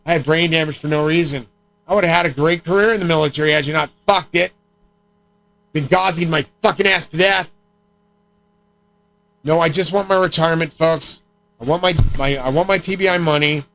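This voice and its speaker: A man's voice: on the high side, fairly quick, long pauses, fairly bright tone, low-quality recording. A man streaming alone, rambling and swearing as he talks. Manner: profane, rambling rant. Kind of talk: rambling livestream talk.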